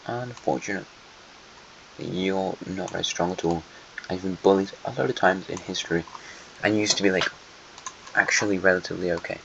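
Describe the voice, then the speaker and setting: A man's voice: low-pitched, normal speed, gravelly, pauses often. Playful man commentating a map game. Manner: playful, chatty, teasing the nations on the map. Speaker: channel host. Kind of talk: casual gameplay commentary. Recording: muffled lo-fi home mic with faint noise.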